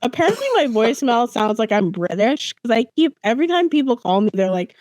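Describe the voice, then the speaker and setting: A woman's voice: fairly high pitch, very animated, brisk, hardly any pauses, darkish tone, no room sound, poor audio. A woman co-hosting a casual podcast, playful and self-deprecating, often laughing. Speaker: podcast co-host.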